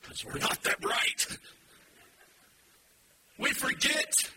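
A man preaching a sermon to a live congregation, animated and emphatic, cracking playful puns. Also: extremely slow, distant mic, very noisy. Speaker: pastor.

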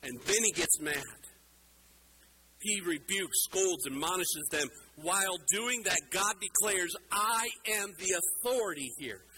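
Middle-aged male pastor, higher-pitched, preaches emphatically over a noisy room. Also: measured pace. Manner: emphatic, rhetorical questions, shifts loud and soft. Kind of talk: sermon.

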